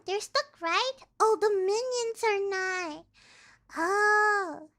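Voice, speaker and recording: A woman streamer chatting casually while reacting to a video, excitable and often stammering and repeating herself. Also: extremely high pitch.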